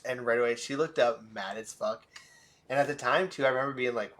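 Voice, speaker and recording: A man's voice: mid-range voice, steady tone, fast, fairly bright tone. A young man co-hosting a podcast, telling a rambling story, swearing freely and laughing at himself. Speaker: podcast co-host. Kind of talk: casual chat.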